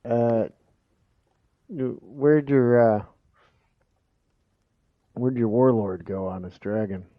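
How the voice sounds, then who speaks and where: A man's voice: medium pitch, takes it slowly, long pauses, no room sound. A man playing a tabletop game, bluntly questioning a prisoner in character. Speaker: player. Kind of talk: tabletop game play over voice chat. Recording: dull lo-fi mic.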